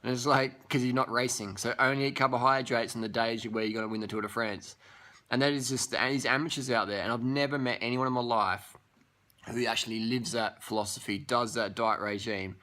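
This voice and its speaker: A man's voice: mid-range voice, bright, forceful tone. A young man ranting bluntly to camera, scornful and full of swearing. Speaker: vlogger. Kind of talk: profane rant to camera.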